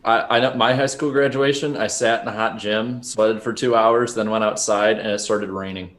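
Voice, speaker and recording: A man's voice: on the low side, fairly even intonation, moderate pace, fairly bright tone. A young man hosting a podcast, telling stories in casual chat with lots of restarts and fillers. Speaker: podcast host.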